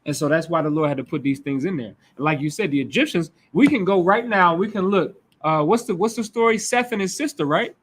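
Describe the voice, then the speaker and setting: Informal Midwestern-accented man preaching, slightly higher-pitched. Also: expressive, brisk, hardly any pauses, fairly bright tone, breathy edge. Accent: American Midwest. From United States. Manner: loose and informal, talks back and forth with the congregation, frequent restarts. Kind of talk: conversational sermon teaching.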